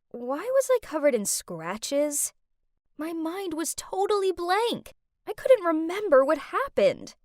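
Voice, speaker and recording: A young woman narrating a dramatic first-person animated story, reading with theatrical panic and outbursts. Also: sits high, no echo, studio quality. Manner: dramatic, breathless panic rising to screams.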